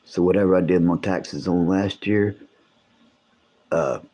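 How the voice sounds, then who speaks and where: Guy on a livestream, real deep husky voice, just rambling and cussing with chat. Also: unhurried, warm tone. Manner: rambling, swears casually, talks to chat. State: voice deeper from coughing. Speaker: livestream host.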